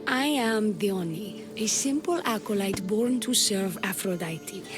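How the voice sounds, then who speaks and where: Sultry flirty priestess, slow teasing talk, game music behind. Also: female voice, mid-range voice, animated. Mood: earnest. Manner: sultry, teasing, slips into breathy whispers. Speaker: game character. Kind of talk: video game voice acting.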